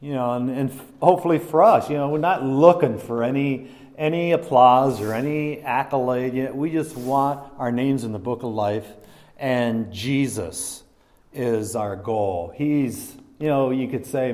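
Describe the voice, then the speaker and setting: A man's voice: medium pitch, expressive, a little slow, warm tone. A man preaching a sermon in a conversational, self-deprecating way, with many restarts and fillers. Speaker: pastor.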